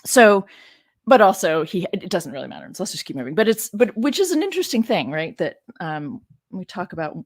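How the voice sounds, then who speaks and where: A woman's voice: on the low side, very animated, fairly quick, no echo, studio quality. A woman scholar reading scripture aloud and commenting in a chatty, digressive way, with frank asides and rhetorical questions to her listeners. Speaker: biblical scholar and teacher.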